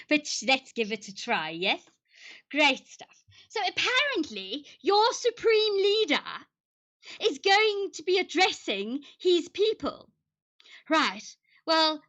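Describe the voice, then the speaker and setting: A woman's voice: sits high, sharp tone, muffled recording, full character voice. A woman playing an eccentric lady senator from long ago in an improvised character stream, rambling and theatrical and switching accents on a whim.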